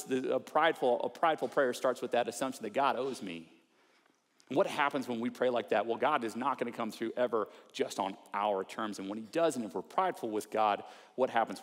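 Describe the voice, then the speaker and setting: A male pastor preaching in a relaxed, conversational way, with pitch sitting in the middle of the range. He slips into acted-out prayers and mock self-talk to make his points. His voice carries a long reverb tail from a large church hall. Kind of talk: sermon.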